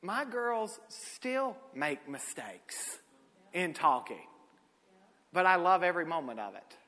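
A man, preaching a sermon with folksy stories, swinging from shouted peaks to low asides. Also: big pitch swings, slow. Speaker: pastor. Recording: echoey hall.

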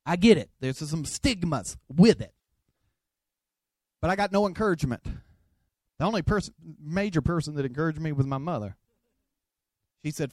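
A man's voice: a little high, animated, a little fast, long pauses, darkish tone, dry recording. A man from the Southern United States, with a Southern accent, preaching an emphatic, joking sermon full of repeated phrases.

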